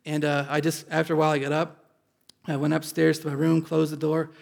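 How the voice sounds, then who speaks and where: A male pastor from Indiana telling an audience a personal story in an animated, self-deprecating way. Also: on the high side, a little fast, creaky.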